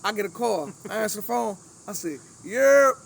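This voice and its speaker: A man hosting a podcast in casual conversation, telling animated stories with lots of "you know what I mean". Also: high voice, fast talker, gravelly, breathy edge. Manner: animated storyteller, many fillers. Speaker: podcast host.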